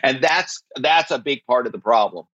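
A man telling stories as an interview guest, emphatic and animated, often checking in with "right?". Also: medium pitch, normal speed, no echo. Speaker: guest, former actor and corporate spy. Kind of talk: interview conversation. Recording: slightly dull, dry.

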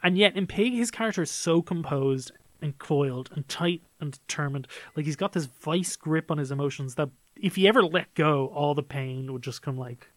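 A man's voice: a little high, normal speed, few pauses, no room sound. A man talking as a podcast film critic in a casual review discussion, enthusiastic and analytical, with many "like" and "um" fillers.

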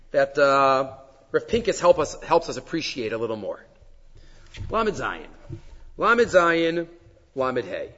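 Animated man teaching a Torah class. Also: mid-range voice. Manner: animated, questioning, sprinkled with Hebrew terms. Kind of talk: weekly Torah portion class. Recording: dull audio with long hall reverb.

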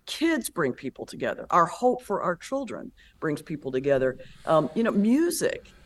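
A woman pastor and comedian, a guest in an interview, telling stories in a lively, animated way. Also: sits low, moderate pace. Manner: animated storyteller, lively retelling with laughs. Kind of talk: conversational interview.

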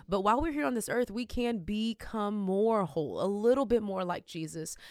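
A woman with a Texan accent hosting a faith podcast, talking in a loud, energetic and emotional way. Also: mid-range voice, normal speed, dry recording. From Texas. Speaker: podcast host. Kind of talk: casual podcast chat.

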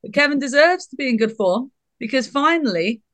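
A woman hosts a podcast in casual chat. She is teasing and brisk. Her voice sounds dry and close to the mic. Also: high voice, expressive, a bit bright, no echo. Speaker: podcast host.

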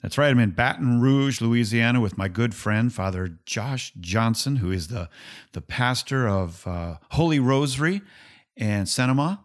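A man's voice: mid-range voice, lively intonation, normal speed. Chatty easygoing male show host. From Minnesota. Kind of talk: casual interview chat.

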